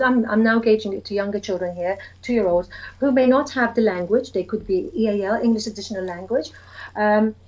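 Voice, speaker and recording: A woman's voice: fairly high pitch, a little mellow, muffled recording. A woman early years educator chatting eagerly about reading to young children, acting out story voices and sounds.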